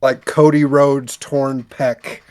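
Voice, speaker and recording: A man's voice: mid-range voice, little pitch movement, slow, darkish tone. A man playing a tabletop role-playing game, loosely narrating what his wrestler does. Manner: loose, storytelling with "like". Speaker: player.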